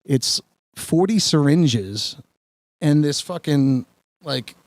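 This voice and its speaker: A man's voice: on the high side, expressive, slow, darkish tone, no echo. Podcast host, man, self-mocking rambler, dry close sound. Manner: rambling, self-mocking anecdote with filler words. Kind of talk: casual storytelling chat.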